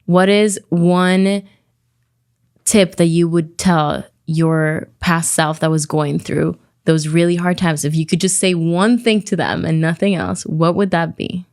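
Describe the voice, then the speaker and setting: Young woman host, lower voice, smooth and resonant, affirming, close to tears. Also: fairly even intonation, measured pace. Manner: warm, affirming and tearful. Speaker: podcast host. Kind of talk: interview host.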